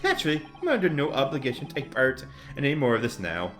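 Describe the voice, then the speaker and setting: A smug, self-satisfied Irish gentleman, as a woman puts him on speaks in a lowered, folksy brogue. His pitch sits low yet rolls up and down widely as he lays on the charm, with faint music behind the voice. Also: wildly swooping pitch, quick pace, exaggerated voice. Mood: smug farewell. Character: pompous Irish gentleman, adult man.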